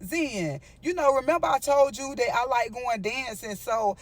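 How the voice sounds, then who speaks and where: Eine Storytime-Vloggerin mit eher hoher Stimme erzählt in normalem Tempo einen lockeren Monolog, lebhaft und mit häufigen Einschüben direkt an ihre Zuschauer. Ihre Stimme hebt und senkt sich ausdrucksstark, der Ton ist entspannt und plaudernd. Raumklang ist keiner zu hören.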